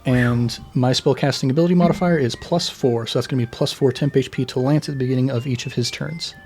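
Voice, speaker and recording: A man's voice: mid-range voice, steady tone, fast talker, a little mellow, soft background music. A man playing a tabletop game who works methodically through his turn and reads out the rules. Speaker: player.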